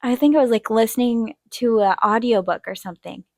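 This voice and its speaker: A woman's voice: a little fast, no echo, studio quality. Chatty woman telling a story. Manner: chatty, animated, acts out quotes in a higher voice. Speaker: art channel host. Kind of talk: casual storytelling while drawing.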